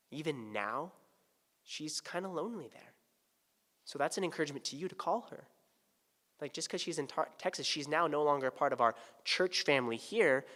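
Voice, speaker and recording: Male pastor preaching in a reverberant church. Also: fairly high pitch. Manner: swings from hushed to loud, pleading emphasis. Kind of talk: sermon. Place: church sanctuary. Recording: church sanctuary with long reverb.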